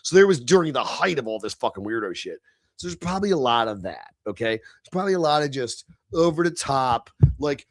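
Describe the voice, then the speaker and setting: A tipsy man hosting a live stream, ranting and swearing, swinging between low mutters and shouted outbursts. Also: sing-song, fairly quick, no echo, studio quality. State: tipsy from beer. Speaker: livestream host. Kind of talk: profane live-stream rant.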